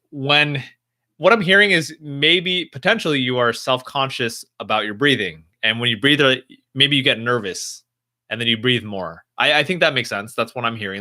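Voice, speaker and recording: Young man, bright voice, casual live-stream Q&A, gentle reassuring tone, thinks aloud. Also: medium pitch. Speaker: motivational speaker answering live chat.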